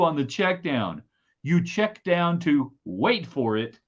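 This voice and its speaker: A middle-aged man hosting a casual live-stream chat from his home office, talking in an animated, emphatic and rambling way. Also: on the high side, takes it slowly, lo-fi sound. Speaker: host.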